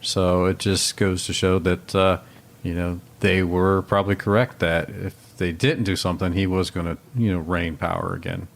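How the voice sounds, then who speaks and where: A man's voice: low voice, fairly even intonation, moderate pace, gravelly. A man co-hosting a podcast in casual, joking, rambling chat. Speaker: podcast co-host.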